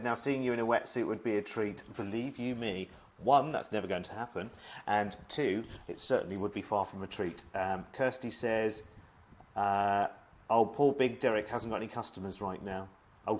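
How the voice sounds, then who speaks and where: A middle-aged man chatting at home on a live video stream, reading out viewer messages in a friendly, self-deprecating way. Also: fairly low pitch. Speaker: former shopping channel presenter.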